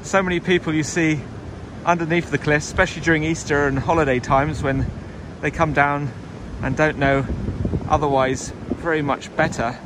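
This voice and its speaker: A man's voice: fairly high pitch, moderate pace. Man vlogging on a windy beach. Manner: relaxed, explanatory, with fillers. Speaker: fossil hunter vlogger. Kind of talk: walking commentary vlog. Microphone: camera mic, wind noise. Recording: wind noise on an outdoor mic.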